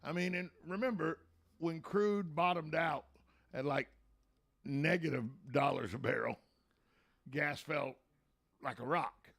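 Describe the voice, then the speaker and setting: Man, radio talk host, gravelly, slightly high voice, folksy and opinionated. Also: measured pace, long pauses, fairly bright tone.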